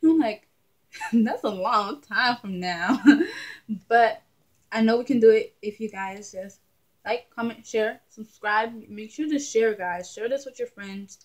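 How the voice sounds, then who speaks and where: A young adult woman talking casually to camera in her vlog, chatty and animated, often laughing. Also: fairly high pitch, measured pace. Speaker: vlogger.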